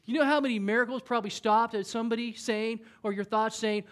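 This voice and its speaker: A man's voice: very high-pitched, steady tone, quick pace, hardly any pauses. A man preaching a conversational sermon as a pastor in church, acting out the voices of Bible figures as he goes.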